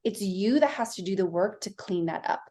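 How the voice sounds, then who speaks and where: A woman's voice: medium pitch, normal speed. A woman mindset coach speaks as a podcast guest in a mid-range voice. She explains her ideas with energy and acts out the voices in her own stories. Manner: animated storytelling, acting out quoted voices. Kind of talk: casual interview chat.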